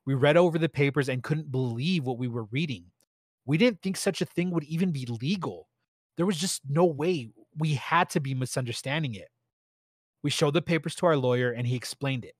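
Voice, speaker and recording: A man's voice: a little high, brisk, slightly rough, dry recording. Man reading a story in a dry voice. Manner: steady, plain reading with slight stumbles. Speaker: story narrator. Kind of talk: reading a first-person story aloud.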